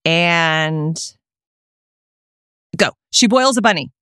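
A woman's voice: on the low side, expressive, drawn-out words, sharp tone, smooth, dry recording, studio quality. A woman co-hosting a podcast in casual chat, running a quiz game, chatty and teasing with hesitant ums. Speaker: podcast co-host.

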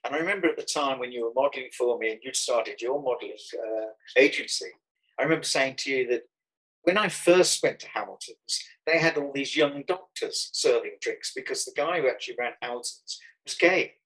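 A man's voice: mid-range voice, fairly quick, a bit bright, poor audio. A man from Birmingham with a Birmingham accent, telling a rambling travel anecdote in an interview, full of restarts and chuckles. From Birmingham, England. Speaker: artist guest. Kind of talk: conversational interview, storytelling.

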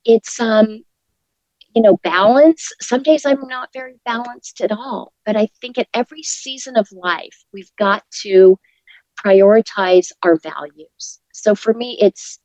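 A middle-aged woman speaking as an interview guest, earnest and encouraging, with soft laughs as she talks. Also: medium pitch, no echo, low-quality recording. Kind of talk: casual interview talk.

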